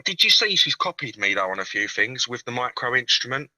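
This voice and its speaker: Sarcastic swearing man, very bright voice. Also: medium pitch, big pitch swings, brisk, dry recording, rough recording. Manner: crude, sarcastic, swears freely. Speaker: caller. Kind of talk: casual video call-in chat.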